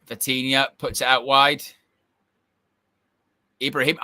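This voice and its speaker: A young man doing casual live football watch-along commentary, reacting excitedly and shouting at big moments. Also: medium pitch, a little slow, long pauses, no room sound, clean studio sound.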